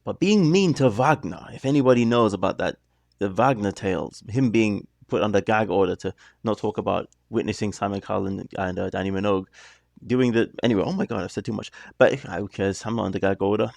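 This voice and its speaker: Man, lowish and gravelly with a lively, bouncing delivery; casual reaction host trading jokey asides over a song playing underneath. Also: fairly quick, no echo. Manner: chatty, joking asides, rambling.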